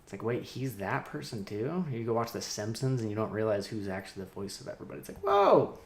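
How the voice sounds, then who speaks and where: A man talking alone on a livestream, rambling and laughing to himself, swinging between loud outbursts and muttered asides. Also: fairly low pitch, fast talker. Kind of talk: rambling solo livestream monologue. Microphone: streaming mic.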